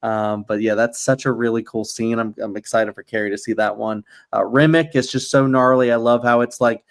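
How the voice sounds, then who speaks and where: A man of middling pitch co-hosting a film podcast, his talk rambling and hesitant and full of fillers. He sounds relaxed and chatty. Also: brisk. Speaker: podcast co-host. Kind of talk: casual film discussion.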